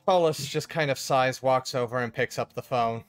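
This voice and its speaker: A man's voice: medium pitch, normal speed, clean tone, no room sound, soft background music. A man playing a tabletop game over a call who jokes and narrates his character's actions in third person. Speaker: player. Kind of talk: casual tabletop role-play.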